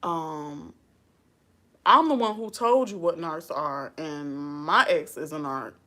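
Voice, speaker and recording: A woman's voice: low voice, slow, bright, forceful tone. A woman giving casual advice in a vlog, sassy and chatty, often breaking into laughter. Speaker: advice vlogger. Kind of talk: casual chat.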